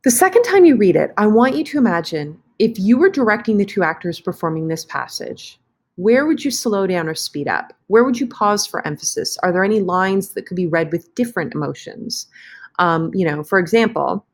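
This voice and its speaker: Using a computer mic for a screen recording, a woman teacher chats casually through an online lesson, correcting herself as she clicks around. Her medium-pitched voice is brisk and very animated.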